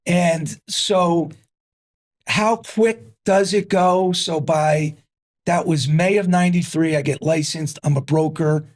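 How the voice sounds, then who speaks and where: A man in his fifties from New Jersey, a guest telling his story in an energetic, punchy way and repeating himself for emphasis. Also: a little high, takes it slowly. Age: 50s. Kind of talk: casual interview storytelling.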